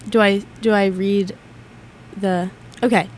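Slow, giggly woman on college radio. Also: medium pitch, fairly even intonation, a little hiss or hum. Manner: giggly, apologetic. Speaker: radio show guest reader. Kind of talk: casual radio chat.

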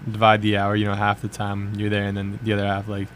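A man's voice: lowish voice, completely flat delivery, fast, fairly bright tone, slight background noise. A young man co-hosting a college radio show, chatting casually and rambling with lots of filler words. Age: young adult. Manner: rambling, many filler likes, trailing off. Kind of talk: casual chat.

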